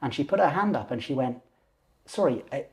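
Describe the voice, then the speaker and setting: A man in his forties, a lucid dreaming teacher and podcast guest, telling a personal story in an animated way. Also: mid-range voice, fast. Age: 40s. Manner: animated, acts out voices and gestures while telling.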